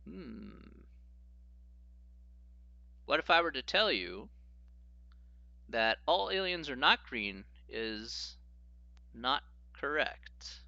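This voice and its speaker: Giggly, animated man teaching logic. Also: medium pitch, drawn-out words, gravelly, long pauses, muffled recording. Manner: giggly, keeps breaking into laughter while explaining; reacts to viewer chat. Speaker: math teacher streaming a lesson. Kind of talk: live-streamed logic lesson.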